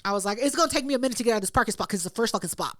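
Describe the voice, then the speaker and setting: High, lively-voiced woman, profane storyteller. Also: rapid-fire, no room sound, clean studio sound. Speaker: podcast co-host. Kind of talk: casual chat.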